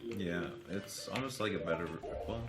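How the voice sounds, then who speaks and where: Low-voiced man chatting casually. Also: normal speed, roomy sound, a crowd in the background. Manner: relaxed, chatty, musing. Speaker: stream co-host. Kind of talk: casual chat.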